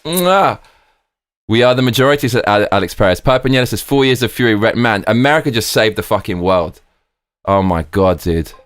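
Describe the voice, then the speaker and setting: A man's voice: on the low side, brisk, no room sound, studio quality. Fired-up man reading stream chat. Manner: excited, profane, reads viewer comments aloud. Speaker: live stream host.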